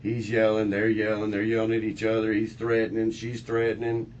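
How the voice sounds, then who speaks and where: A man being questioned by police, talking in a low, rambling, agitated way and repeating himself. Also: completely flat delivery, brisk, darkish tone, dull audio. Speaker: suspect being interviewed. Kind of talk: police interrogation recording. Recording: noisy interrogation room recording.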